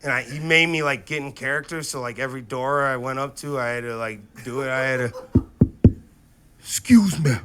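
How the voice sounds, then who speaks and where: A man doing stand-up comedy on stage, telling animated stories from his life into a handheld mic. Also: mid-range voice. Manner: animated, quick to act out quotes. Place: comedy stage before a live audience.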